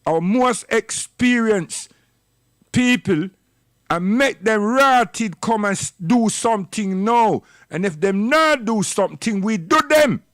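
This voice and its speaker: High-voiced man ranting on a livestream. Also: a bit bright, no echo, clean studio sound. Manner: preachy, scolding, rambling. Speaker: livestream commentator. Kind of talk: impassioned livestream monologue.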